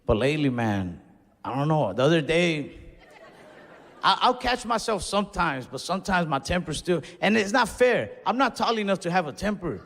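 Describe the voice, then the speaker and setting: Profane stand-up comedian in an echoey club. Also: male voice, on the high side, animated, normal speed, gravelly, fairly bright tone. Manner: casual, profane, exasperated. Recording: reverberant venue with faint audience noise.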